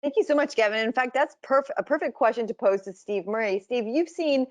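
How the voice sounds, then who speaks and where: A woman moderating a webinar panel over a video call, brisk and polite as she hands over questions. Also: fairly high pitch.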